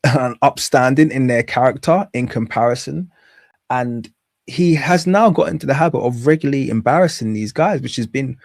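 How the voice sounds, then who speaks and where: A man's voice: mid-range voice, a little mellow, no room sound. A man hosting a casual commentary, sarcastic and rambling. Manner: sarcastic, rambling, laughs at his own jokes. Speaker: commentary host.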